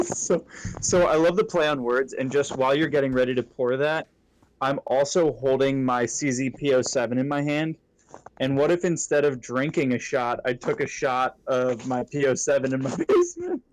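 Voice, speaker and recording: A young man with an average-pitched voice, chatting on a casual podcast. He keeps things playful and teasing and is eager to cut in with a joke. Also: lively intonation, normal speed, slight background noise. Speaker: podcast co-host.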